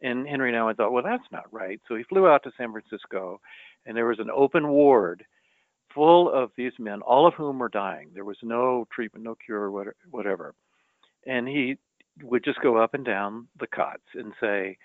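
A male journalist, a guest in a conversation, retelling anecdotes in a measured, storytelling way. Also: mid-range voice, lively intonation, no echo. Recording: tinny phone-like line, dry.

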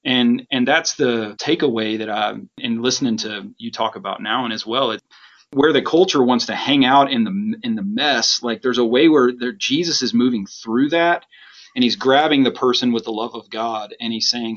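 A man's voice: mid-range voice, normal speed, a bit bright. A male host reflecting aloud in casual conversation, musing and searching for his words. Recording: dull lo-fi sound.

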